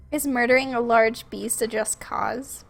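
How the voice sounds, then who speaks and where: A woman's voice: a little high, creaky, fairly bright tone, a little hiss or hum. A young woman from Minnesota with a Minnesotan accent, chatting and giggling casually as she streams a video game. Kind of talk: casual chat while playing a video game.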